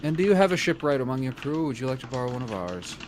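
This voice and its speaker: A man's voice: medium pitch, big pitch swings, darkish tone, slight background noise, natural voice. A man voicing a courteous woman clerk at a shipyard front desk, in his own voice. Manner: brisk, courteous.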